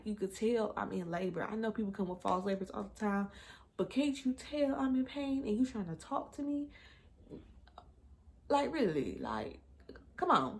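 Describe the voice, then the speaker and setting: A young woman casually telling a personal story, acting out what people said with lively voices. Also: on the low side. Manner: animated, acts out quotes. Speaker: vlogger telling her birth story.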